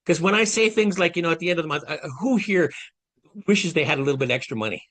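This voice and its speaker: A fast-talking guest speaker, a man in his late fifties, leads a motivational masterclass over video call. His slightly high, somewhat bright voice has lively intonation, and he speaks earnestly and conversationally right to his audience.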